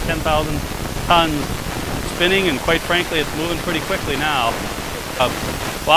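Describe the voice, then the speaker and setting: A man's voice: a little high, noisy background. A man from Minnesota talking casually in an on-the-spot interview, loose and chatty with plenty of fillers, standing outdoors on a frozen lake. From Minnesota, USA. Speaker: interviewee, former world record holder.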